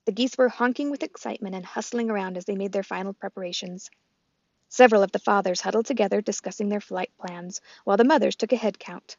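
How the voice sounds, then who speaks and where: A woman reading a children's storybook aloud in a gentle, clear, steady way. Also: medium pitch, fast talker, dry recording, dull audio. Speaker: storybook reader. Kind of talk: read-aloud storybook narration.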